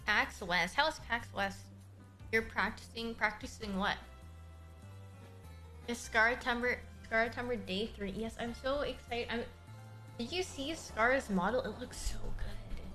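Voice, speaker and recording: A young woman chats casually on a livestream, answering viewers and cooing at her cat. Her voice sits a little high and rings bright and forward. Faint music plays quietly underneath. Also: measured pace. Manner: chatty, answers chat and coos at her cat.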